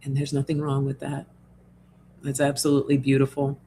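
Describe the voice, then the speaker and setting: A woman's voice: rumbling low, completely flat delivery, brisk, dark tone, a little hiss or hum. A woman hosting an oracle card reading livestream in casual chat, reading out viewer comments, reassuring and laughing often. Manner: chatty and reassuring, laughs often, many fillers.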